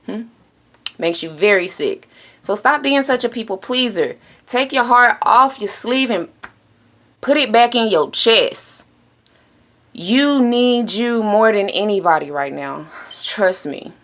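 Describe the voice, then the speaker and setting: A woman speaking straight to her audience in a motivational monologue, blunt and preachy, often pausing with a questioning "hmm?". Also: mid-range voice, expressive, fairly bright tone. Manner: direct, preachy, adds "Hmm?" checks. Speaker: self-help speaker.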